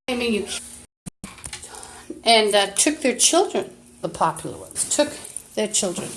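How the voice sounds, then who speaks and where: A woman talking on a phone live stream, rambling and jumping between topics, swinging from loud outbursts to muttering. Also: mid-range voice, echoey room, distant mic, slight background noise, rough recording. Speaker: livestreamer.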